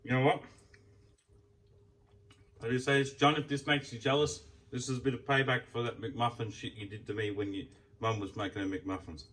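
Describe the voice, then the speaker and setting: A young man telling an animated, foul-mouthed story as a casual vlog while he eats. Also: medium pitch, moderate pace, pauses often, far from the mic. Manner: heavy swearing, animated storytelling. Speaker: food vlogger. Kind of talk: casual ranting while eating. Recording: voice off from the mic.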